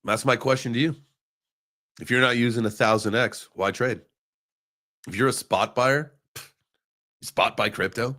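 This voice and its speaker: A man's voice: mid-range voice, fairly even intonation, moderate pace, pauses often, sharp tone. A man hosting a live crypto trading show, chatting casually and joking sarcastically with viewers as he rambles through charts. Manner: joking, sarcastic, addresses chat viewers by name; rambling with many fillers while reading charts. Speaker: crypto livestream host. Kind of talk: casual live market chat.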